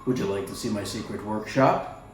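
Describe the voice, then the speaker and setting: A man reading aloud and voicing a sinister, grinning male neighbor who makes monsters, in a low, sly, drawn-out way. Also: fairly even intonation, natural voice. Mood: teasing. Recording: very echoey room, faint music.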